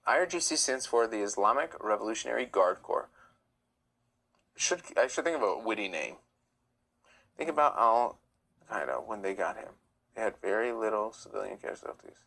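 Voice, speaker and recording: A man's voice: lowish voice, expressive, moderate pace, creaky, long pauses, fairly bright tone, poor audio. A man hosting a live stream, reading chat comments aloud and answering them bluntly. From United States. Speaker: livestream host.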